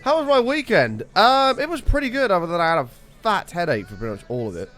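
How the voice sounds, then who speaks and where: A young man chatting on a live gaming stream, with a fairly high voice that leaps up and down as he greets viewers and gets excited. His voice sounds slightly rough, and faint music plays underneath. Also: quick pace. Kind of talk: casual gaming stream chat.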